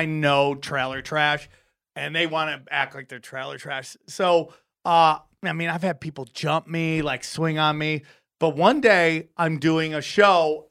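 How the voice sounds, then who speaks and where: Animated storytelling comedian man, high bright voice. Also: vocal fry. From California. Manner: animated, profane, acts out voices in his stories. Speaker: comedian guest. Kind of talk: casual storytelling.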